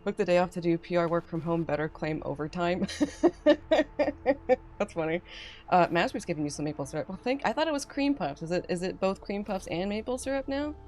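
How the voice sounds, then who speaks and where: This streamer host has a lowish, darkish voice, lively intonation, and talks fast. She's bubbly on her casual game stream, laughing a lot as she talks with a guest and reads the chat aloud.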